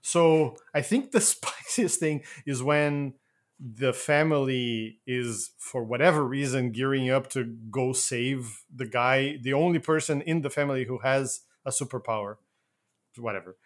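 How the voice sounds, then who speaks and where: A man's voice: medium pitch, a little slow. A man co-hosting a casual movie podcast, joking and explaining slang with bursts of laughter. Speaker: podcast co-host.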